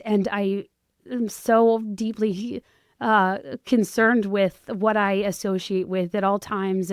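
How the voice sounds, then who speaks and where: A woman in her thirties with a hoarse voice, hosting her own podcast in a chatty, self-deprecating, rambling way. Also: mid-range voice, dry recording, clean studio sound. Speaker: podcast host. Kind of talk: casual solo podcast chat.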